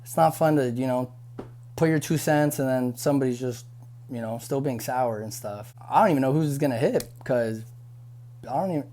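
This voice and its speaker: A man's voice: mid-range voice, moderate pace, warm tone, slight background noise. A young man talks straight to the camera in a loose, conversational way. He repeats himself, restarts sentences and leans on fillers, sounding like a busser venting and giving advice after a shift. His tone is frank and unpolished. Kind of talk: casual advice monologue.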